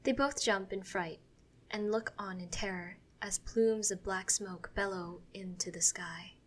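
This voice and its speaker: A woman narrating a fan-fiction story in a soft, hushed reading voice. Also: medium pitch, a little slow. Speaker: story reader.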